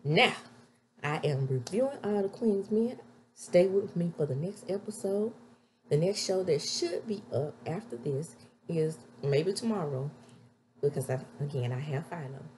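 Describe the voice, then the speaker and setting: Low-voiced chatty woman reviewing a show. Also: lively intonation, unhurried, a little hiss or hum. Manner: chatty, with sudden loud high exclamations. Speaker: TV episode reviewer. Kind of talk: casual spoken episode recap.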